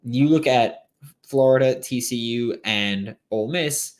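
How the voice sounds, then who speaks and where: A man's voice: medium pitch, measured pace. A man hosting a solo sports podcast late at night, tired but opinionated and emphatic, with rambling asides.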